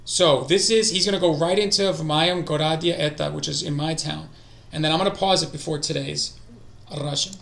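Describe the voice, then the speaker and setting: A man streaming a casual study session, talking to himself and drifting into quiet mutters. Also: on the high side, steady tone, moderate pace, vocal fry. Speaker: streamer learning languages. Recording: echoey room.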